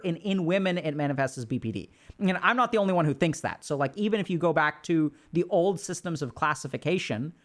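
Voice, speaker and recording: Brief: male livestream host, higher voice, explanatory lecture tone with rhetorical check-ins. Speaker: host of a mental health livestream. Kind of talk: educational livestream talk.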